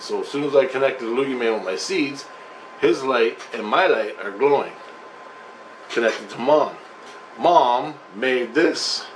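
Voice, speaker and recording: A man tells a long personal story in a loose, rambling way, swearing freely and pressing hard on his words. His voice sits at an average pitch, with faint noise behind it. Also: a bit bright, low-quality recording. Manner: profane, emphatic, conversational.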